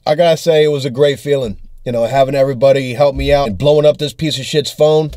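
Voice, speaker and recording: A man's voice: mid-range voice, quick pace, hardly any pauses, dry recording, studio quality. A young adult man, a touring comedian, telling an angry, profane story in a video diary and acting out the texts and calls. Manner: angry, profane storytelling that acts out text exchanges.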